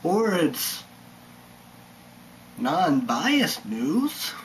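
A man talks slowly, drifting from thought to thought in a casual vlog monologue. His voice sits a little high, and he mutters and sometimes sinks to a whisper. A faint hiss runs under the recording. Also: very animated, rough recording. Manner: meandering, mutters and drops to whispers, bursts into sung chants. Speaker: vlogger.

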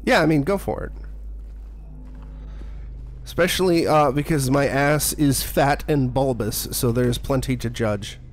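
A man's voice: medium pitch, measured pace, pauses often, slight background noise. A man streaming a horror game in casual commentary, blunt and profane, often muttering to himself.

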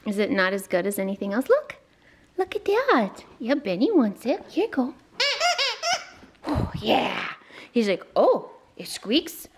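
A woman vlogging at home, cheering on her dogs in excited, high baby talk while suffering a severe migraine. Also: measured pace, long pauses, slight background noise. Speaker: vlogger and dog owner. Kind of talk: casual home vlog.

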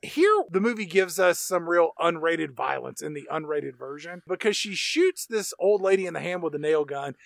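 High, gravelly-voiced man recapping a movie. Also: lively intonation, normal speed, hardly any pauses, no echo. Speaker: podcast host.

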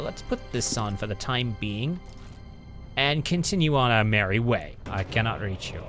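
Guy doing casual let's-play commentary at his home pc, reads item stats out loud, game music going behind him. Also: mid-range voice, animated, a little slow. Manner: chatty, reads out item stats, mutters at enemies. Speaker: gaming channel host. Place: home computer setup.

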